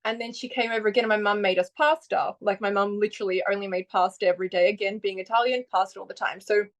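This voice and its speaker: A woman's voice: mid-range voice, steady tone, fast talker. A woman, a podcast guest, telling her personal story in a rambling way full of "like" fillers and acted-out quotes. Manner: rambling, frequent "like" fillers, acts out quoted voices.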